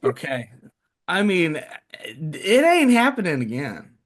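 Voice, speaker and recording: Animated man with a higher voice. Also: takes it slowly. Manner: animated storyteller, lively jokes. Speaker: podcast co-host. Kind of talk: casual chat.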